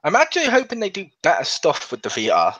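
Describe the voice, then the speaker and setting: A chatty young man rattles on in a casual group chat, laughing easily as he talks. His voice sits a bit high, and the sound is dull and lo-fi. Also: fast, husky. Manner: chatty, animated, laughs often. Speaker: podcast co-host.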